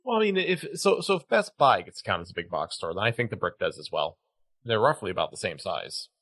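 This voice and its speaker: A man on a casual podcast, animated and full of "like". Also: fairly low pitch, fairly quick, no echo, studio quality. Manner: animated, says "like" a lot. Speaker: podcast co-host.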